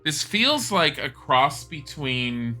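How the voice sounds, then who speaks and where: Bright-toned man streaming a game. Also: on the high side, sing-song, slow, faint music behind. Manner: chatty, blunt, swears, thinks aloud. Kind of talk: casual gameplay commentary.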